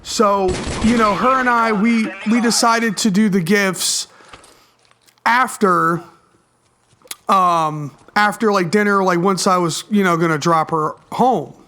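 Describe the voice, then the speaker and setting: A young man telling a story in a slangy, profane, animated storytime vlog over gameplay. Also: high-pitched, slow.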